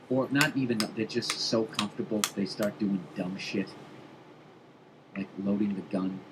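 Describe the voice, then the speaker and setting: A man's voice: low-pitched, noisy background. A man hosting a podcast, telling a casual comedic story full of swearing and building up steam as he goes. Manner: profane, animated storytelling. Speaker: podcast host.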